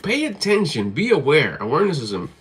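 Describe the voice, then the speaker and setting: A man's voice: fairly high pitch, wildly swooping pitch, brisk, fairly bright tone, slight background noise. A man giving a motivational talk to camera in a blunt, emphatic way, swearing freely and hammering his points through repetition. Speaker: motivational vlogger.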